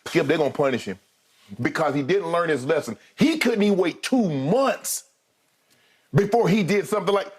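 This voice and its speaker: An animated man argues his point on a sports debate show and keeps turning to his co-host. His voice is notably high for a man. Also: moderate pace, slightly rough.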